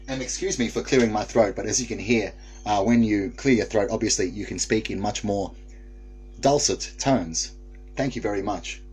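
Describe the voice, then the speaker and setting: A man's voice: lowish voice, normal speed, a little mellow, slight background noise. A man hosting a casual live stream, reading viewer comments aloud and laughing often.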